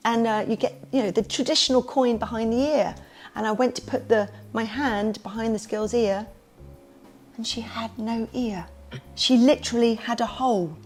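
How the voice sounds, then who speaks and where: A woman who runs a kids party business, telling stories as a podcast guest in a lively way and acting out the voices she quotes. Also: fairly high pitch, moderate pace. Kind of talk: casual interview storytelling.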